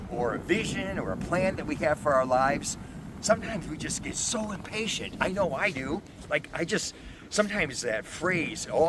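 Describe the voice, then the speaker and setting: A man's voice: fairly high pitch, background noise. A man preaching an outdoor devotional sermon as a pastor, earnestly repeating phrases for emphasis.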